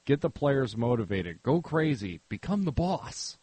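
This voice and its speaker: A man's voice: medium pitch, big pitch swings, a little slow, darkish tone, husky, dry recording, poor audio. A man co-hosting a podcast, reading out a question and joking bluntly with heavy swearing. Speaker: podcast co-host. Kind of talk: casual crude podcast banter.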